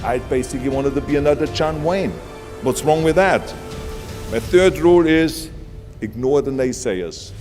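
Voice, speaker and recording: A man with an Austrian accent giving an emphatic, punchy motivational speech, with long hall reverb and music behind. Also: medium pitch. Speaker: motivational speaker.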